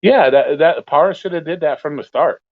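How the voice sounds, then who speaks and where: A man's voice: a little high, normal speed, no echo. A man hosting an open forum talk stream, ranting bluntly in casual chat and swearing constantly. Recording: dry, phone-like audio.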